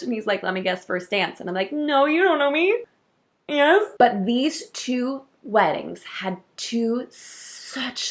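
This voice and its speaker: Speaking in a medium pitch, this woman works as a wedding coordinator and addresses the camera in a relaxed vlog. She comes across as warm and heartfelt, gushing a bit and laughing softly.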